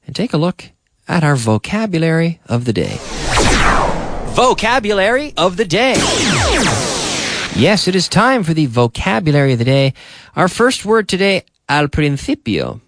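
A man's voice: a little high, big pitch swings, noisy background. A man teaching English on a radio lesson. He drills words and phrases by repeating them, and he asks and answers his own practice questions. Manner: drills phrases with slow repetition. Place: radio studio.

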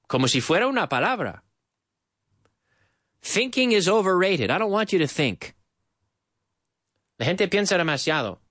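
A man's voice: high-pitched, fairly bright tone, no room sound, studio quality. A man teaching English in a live-streamed lesson, repeating phrases to drill them and switching between English and Spanish.

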